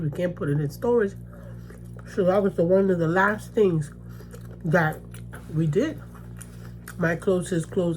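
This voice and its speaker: A woman speaks to her viewers in a low, slow voice, telling her story casually and emphatically. She repeats phrases and keeps asking "you know what I mean?". A faint hum sits under the recording. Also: a little mellow. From the Bronx, New York. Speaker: mukbang vlogger.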